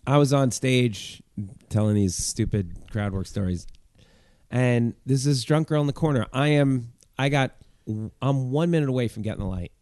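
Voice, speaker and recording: A male comedian telling a story on a podcast, animated and acting out the people in it. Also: medium pitch, moderate pace, no room sound.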